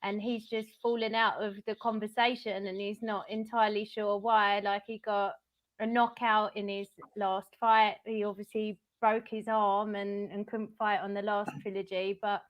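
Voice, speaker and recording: A woman's voice: mid-range voice, little pitch movement, normal speed, dull audio. A woman with an Essex accent, co-hosting a sports podcast in chatty, casual talk. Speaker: podcast co-host.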